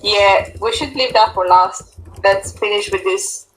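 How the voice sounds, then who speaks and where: A woman's voice: mid-range voice, measured pace, a bit bright, a little hiss or hum, poor audio. Woman player in a tabletop game, chatty and jokey, talks as her character and plans with the group. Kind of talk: casual tabletop game chat.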